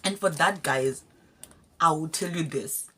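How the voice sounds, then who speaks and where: A young woman from Zimbabwe speaks with a Zimbabwean accent, her voice low and a little husky. She talks to her viewers in a heartfelt, personal way. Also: unhurried, a bit bright. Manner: heartfelt, addresses viewers as guys. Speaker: vlogger. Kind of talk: casual emotional talk to camera.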